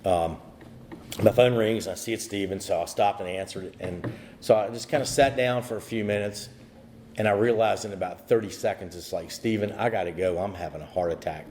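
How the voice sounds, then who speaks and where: A man's voice: fairly low pitch, brisk, darkish tone, slight background noise. A man telling his recovery story at a meeting, rambling with many fillers and restarts. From USA. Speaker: AA speaker. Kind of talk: personal recovery talk.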